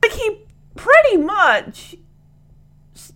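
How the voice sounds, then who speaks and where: A woman's voice: very high voice, very animated, very slow, a bit bright. A woman vlogger retelling a TV scene in a chatty way, laughing and acting out the characters' lines. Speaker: vlogger reacting to a TV clip. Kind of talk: casual reaction commentary.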